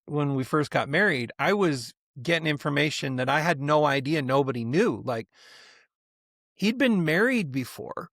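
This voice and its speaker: A middle-aged man co-hosting a podcast, telling stories in a casual, animated way and slipping into the voices of the people he quotes. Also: on the high side, normal speed, no echo, studio quality. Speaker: podcast co-host. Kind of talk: casual chat.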